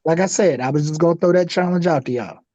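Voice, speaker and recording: A man's voice: on the high side, fast talker, mellow, dry recording, dull audio. A man co-hosting a podcast in casual chat, rambling with lots of fillers. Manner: rambling, full of fillers like "you know what I'm saying". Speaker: podcast co-host.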